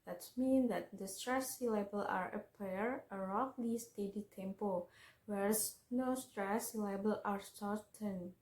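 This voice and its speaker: A woman's voice: mid-range voice, a little slow, a little mellow. A young woman, a native Indonesian speaker, presents a pronunciation lesson as a student, reading example words aloud and repeating each one. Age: young adult. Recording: echoey room.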